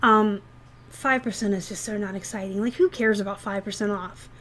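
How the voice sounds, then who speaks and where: A woman's voice: medium pitch, steady tone, moderate pace, fairly bright tone. Chatty woman reseller vlogging. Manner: chatty, sarcastic, rambling. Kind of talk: casual vlog talk.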